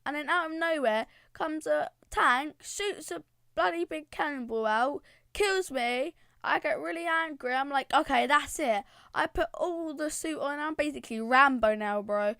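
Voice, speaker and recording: A woman with a high voice tells a gaming story in an excitable, rambling way. The recording is dry and close. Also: moderate pace, vocal fry, no room sound. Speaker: channel creator. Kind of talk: casual gaming storytime narration.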